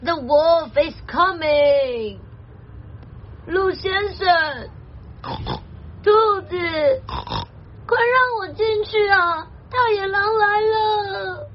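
A woman's voice: very high-pitched, highs cut off, a little hiss or hum, voice pushed up, heavily acted. A woman voicing a panicked little pig that cries and begs in a storybook reading. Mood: tearful. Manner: tearful, drawn-out pleading.

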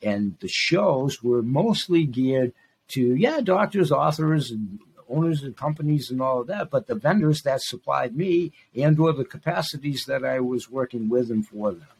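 A man's voice: medium pitch, animated, normal speed, gravelly, darkish tone, husky. A man in his sixties hosting his own podcast, talking in an emphatic, rambling monologue that repeats phrases for stress. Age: 60s. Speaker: podcast host. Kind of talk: casual monologue.

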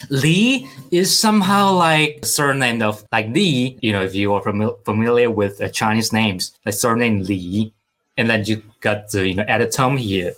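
Guy teaching mandarin sounds super slowly, repeats every syllable a bunch, quiet guitar in the back. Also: medium pitch. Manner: patient, repeats sounds over and over in drills. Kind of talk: slow pronunciation lesson.

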